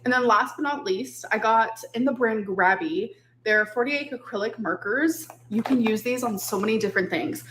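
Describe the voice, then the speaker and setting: A woman's voice: on the high side, normal speed, few pauses, a bit bright, slight background noise. A woman talking through a shopping haul in a vlog, chatty and upbeat, with lots of "like". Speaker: vlogger.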